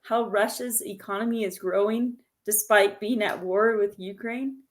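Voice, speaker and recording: A woman's voice: medium pitch, fairly even intonation, a little slow. A woman co-hosting a casual podcast, chiming in with offhand remarks and questions. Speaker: podcast co-host. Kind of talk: casual chat.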